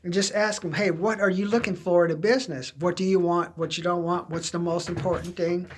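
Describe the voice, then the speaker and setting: A man's voice: high voice, fairly even intonation, a little fast. A middle-aged man from Southern California, telling candid, rambling stories about his own past as job-search advice. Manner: rambling, candid, drifting into quoted voices. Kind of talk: casual personal storytelling.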